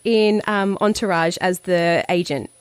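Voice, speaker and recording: A woman's voice: fairly low pitch, steady tone, a little slow, smooth, dry recording. A woman from Australia, a guest on an interview show, telling a story in casual chat and stopping to search for names. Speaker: guest, actor and voice-over artist.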